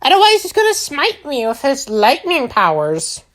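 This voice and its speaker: A woman's voice: high-pitched, wildly swooping pitch, moderate pace. A woman hosting a gaming channel, giving a silly, rambling recap of her game with lots of filler sounds. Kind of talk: playful game recap narration.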